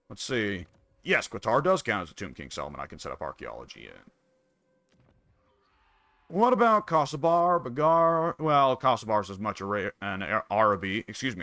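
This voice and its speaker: Wry, bright-voiced man musing over a game. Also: lowish voice, no echo. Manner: musing, wry, mutters to himself. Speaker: gameplay commentator. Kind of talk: casual strategy game commentary.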